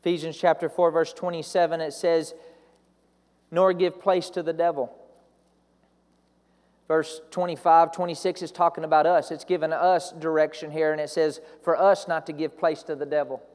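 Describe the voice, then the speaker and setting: High-voiced preacher in a reverberant hall. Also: male voice, little pitch movement, moderate pace, darkish tone. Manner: rising to emphatic repeated declarations. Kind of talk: sermon.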